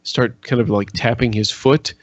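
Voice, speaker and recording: A man's voice: medium pitch, steady tone, normal speed, no echo. A man at a tabletop game explains his plans in rambling, hesitant phrases. His voice is in an ordinary middle range. The mic sounds dry and a little muffled. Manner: rambling, hesitant, full of restarts. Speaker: player. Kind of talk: casual game chat.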